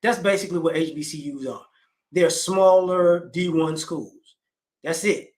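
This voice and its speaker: A man's voice: fairly high pitch, measured pace, a little mellow. A man in his forties talking casually, rambling with frequent restarts and fillers. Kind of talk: casual conversational commentary.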